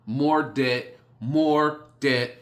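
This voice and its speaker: A man giving a blunt motivational speech, repeating short phrases with sudden forceful rises. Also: medium pitch, fairly even intonation. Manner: blunt, repetitive, hammering phrases; slow, emphatic delivery with sudden loud rises. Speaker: motivational speaker.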